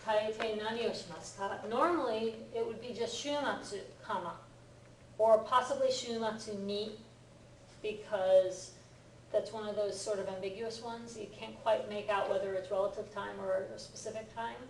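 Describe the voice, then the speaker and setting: A woman teaching a Japanese lesson who talks in an animated way, acting out example lines and laughing often. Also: medium pitch, moderate pace. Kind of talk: lively one-on-one lesson. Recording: echoey room, far from the mic, faint noise.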